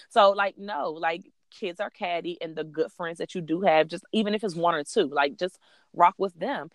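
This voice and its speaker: A woman in her thirties hosting a podcast, telling a personal story in a blunt, profane, animated way. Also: fairly low pitch, no echo. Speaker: podcast host. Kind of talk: casual storytelling chat.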